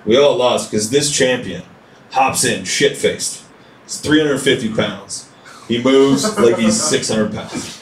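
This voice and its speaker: A man from a small town doing a stand-up routine, chatty, leaning on "like" and acting out quotes. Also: medium pitch. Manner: chatty, leans on "like", acts out quotes. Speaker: stand-up comedian. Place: comedy club stage. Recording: echoey club room heard from far off.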